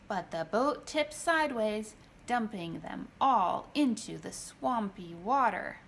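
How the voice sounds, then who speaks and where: Woman reading a picture book slowly. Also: mid-range voice, gravelly. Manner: expressive, gentle, unhurried. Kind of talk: storybook read-aloud.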